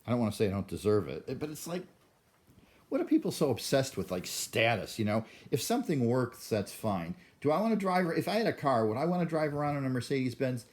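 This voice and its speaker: A man's voice: medium pitch, big pitch swings, a little fast. An older man talking to the camera in a rambling monologue, often stammering and restarting his sentences. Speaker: vlogger.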